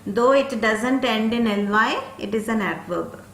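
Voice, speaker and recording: A woman's voice: fairly high pitch, unhurried, fairly bright tone, echoey room. A woman teaching an English grammar lesson, explaining step by step and checking in with "okay?" after each point.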